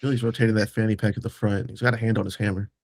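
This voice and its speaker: A man's voice: on the low side, little pitch movement, very fast, darkish tone, no echo. A man playing in a tabletop game, speaking in a loose, chatty way. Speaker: player. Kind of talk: tabletop role-play.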